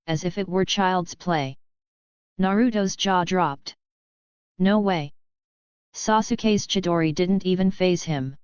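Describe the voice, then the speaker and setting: A woman narrating an audiobook in a steady, even reading manner. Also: on the low side, clear, resonant tone, no echo, muffled recording.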